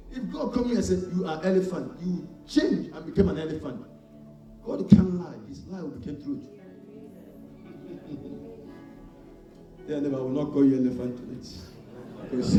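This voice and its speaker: A male preacher delivering a sermon, shouting and calling out for responses from his congregation. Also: on the high side, fairly quick. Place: church hall. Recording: echoey church hall, mic far off, faint music.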